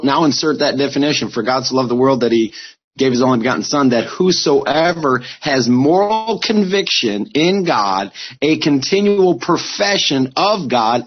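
Husky man insistently explaining scripture. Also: medium pitch, muffled recording. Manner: insistent, builds to a point, urges listening. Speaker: co-host on a Bible discussion.

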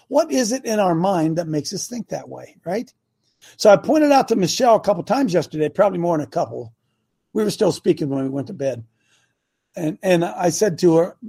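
A man's voice: high-pitched, sing-song, brisk, creaky, mellow, breathy edge. An older man hosting a call-in talk show, preaching emphatically and firing off rhetorical questions.

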